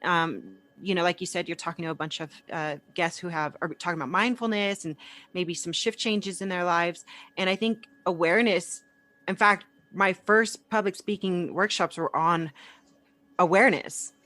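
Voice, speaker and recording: A woman guest on a podcast interview, telling stories in a relaxed, conversational way and laughing easily. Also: on the low side, normal speed. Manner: warm storytelling, laughs easily. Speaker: podcast guest, entrepreneur and speaker.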